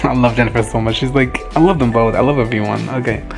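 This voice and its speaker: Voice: medium pitch, fairly even intonation, fast talker, vocal fry, over music. A host giving a casual, profane reaction recap, gushing and quoting characters in playful asides.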